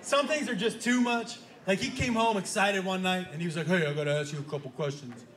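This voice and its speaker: High-voiced man doing stand-up. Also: fairly quick. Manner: animated storytelling, acts out both sides of a dialogue. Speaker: stand-up comedian. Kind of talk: stand-up comedy storytelling. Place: comedy club stage with live audience. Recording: live club room echo with crowd laughter.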